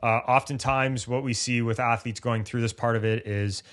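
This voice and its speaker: A man co-hosting a podcast on sports injury recovery, who talks casually and acts out the thoughts of injured athletes in lively bursts. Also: mid-range voice, moderate pace. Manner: animated, acts out athletes' inner voices.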